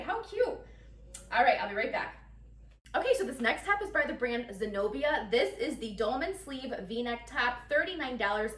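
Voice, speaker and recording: A woman's voice: high voice, a bit bright, roomy sound, distant mic. A woman chatting casually and giggling through a try-on haul, talking straight to her viewers. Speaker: fashion vlogger.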